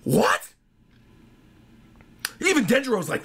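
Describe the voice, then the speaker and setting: Husky, high, wildly excitable man. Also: unhurried. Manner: excitable, often shouting and laughing. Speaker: YouTuber reacting to a manga chapter. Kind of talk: excited reaction commentary with read-aloud panels.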